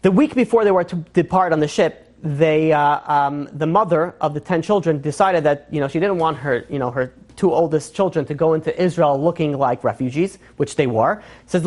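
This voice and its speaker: Fast-talking rabbi telling a story. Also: male voice, on the high side. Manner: animated, rapid storytelling with many fillers. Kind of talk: storytelling sermon.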